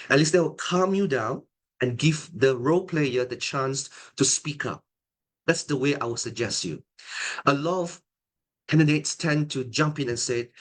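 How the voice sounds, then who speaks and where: A middle-aged man teaching an online exam-preparation lecture as a tutor and examiner, calm and deliberate, often restarting his phrases. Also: on the high side.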